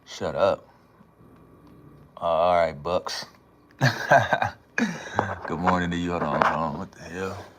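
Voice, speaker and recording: Very deep-voiced laid-back man. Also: fairly even intonation, unhurried, long pauses, noisy background. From Minnesota, USA. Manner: laid-back, slangy, greets chatters by name. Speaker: livestream host. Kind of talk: casual livestream chat with viewers.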